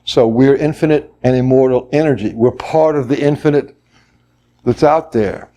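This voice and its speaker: Man, workshop leader, mellow dark voice, explanatory, demonstrates voices. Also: mid-range voice. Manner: explains slowly, then acts out voices. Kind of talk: workshop teaching. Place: workshop room.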